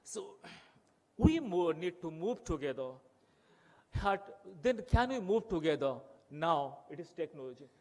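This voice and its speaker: Speaking Odia-accented Indian English, a conference speaker from Odisha, India, makes an impassioned address to a conference hall in a high, mellow voice. He is animated yet measured in pace, repeating phrases for emphasis and building his appeals with rhetorical questions.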